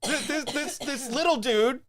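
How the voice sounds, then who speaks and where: A man co-hosting a casual chat show, rambling with many restarts and quick jokes. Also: a bit bright. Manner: rambling, many restarts, does high mocking impressions. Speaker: podcast co-host.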